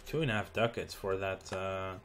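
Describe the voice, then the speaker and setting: Low-voiced man musing over a strategy game. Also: a little hiss or hum. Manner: musing aloud, halting with ums and restarts. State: tired, recording late at night. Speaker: gaming channel host. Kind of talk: let's play commentary.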